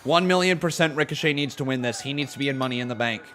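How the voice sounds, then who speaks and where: A man hosting a live wrestling watch-along, chatting casually and getting excited at big moments. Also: medium pitch, very fast, over music. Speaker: live stream host.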